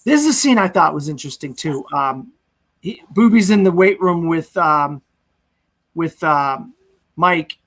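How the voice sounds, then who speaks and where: A man's voice: a little high, expressive, measured pace, a bit bright. A man hosting a casual movie discussion podcast, loosely recapping scenes in a chatty way. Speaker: podcast host.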